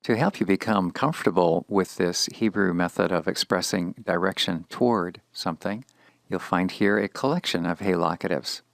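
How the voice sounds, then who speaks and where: Slow, gravelly low-voiced male teacher. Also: no echo. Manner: measured, deliberate, repeats Hebrew words for the learner. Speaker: Hebrew teacher. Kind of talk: scripted lesson narration.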